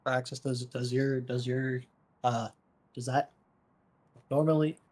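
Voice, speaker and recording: A man's voice: mid-range voice, fairly even intonation, slow pace, a little mellow. A man playing a tabletop game, stammering and confused as he asks questions. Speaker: player. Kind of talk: casual tabletop game chat.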